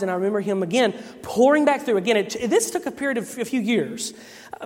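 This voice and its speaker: A man giving a sermon testimony, telling a personal story in an animated way and acting out the voices of the people in it. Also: high-pitched. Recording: long hall reverb.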